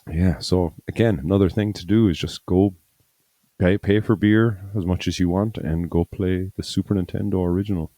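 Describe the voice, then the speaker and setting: A very deep-voiced man rambles casually on a podcast, circling back with fillers and self-corrections. His tone is mellow and low. The sound is close and dry. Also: steady tone, normal speed, dry recording. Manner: rambling, full of fillers and restarts. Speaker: podcast co-host. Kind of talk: casual chat.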